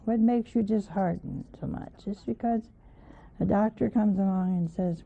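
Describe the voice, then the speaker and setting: A woman's voice: mid-range voice, fairly even intonation, moderate pace, vocal fry. A woman giving an informal sermon in a folksy, questioning way, with chuckling asides. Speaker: religious teacher. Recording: tinny phone-like old recording.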